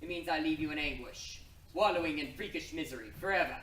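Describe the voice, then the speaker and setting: A man playing a weakened young hero in a stage play, speaking slowly with mocking menace. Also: a little high, fairly bright tone, close to an everyday voice. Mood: menacing. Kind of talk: amateur stage acting. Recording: echoey room from far off, noisy.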